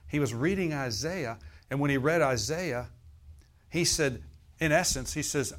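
A man's voice: on the high side, moderate pace. A man preaching a sermon in a church service, folksy, with laughing asides and rhetorical questions to the congregation.

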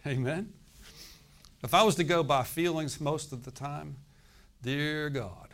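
A pastor in his sixties giving a sermon, telling a scripture story with animated acted-out dialogue and dropping into quiet, confiding asides. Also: slow. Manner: animated storytelling, acting out quoted dialogue with rising pitch and volume. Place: church.

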